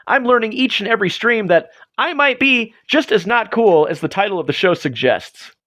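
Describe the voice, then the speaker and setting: A man's voice: high voice, animated, moderate pace, pushed and bright. A man hosting a livestream, chatting casually in a rambling, self-deprecating way. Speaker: livestream host. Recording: dull lo-fi stream audio.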